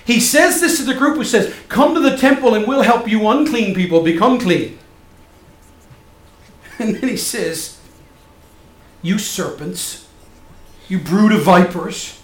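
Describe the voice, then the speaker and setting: A man preaches with a high, ringing voice that swings from loud and emphatic to soft and hushed. The sound is roomy and echoey, as in a church sanctuary. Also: a little slow, long pauses. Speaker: pastor. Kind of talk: sermon.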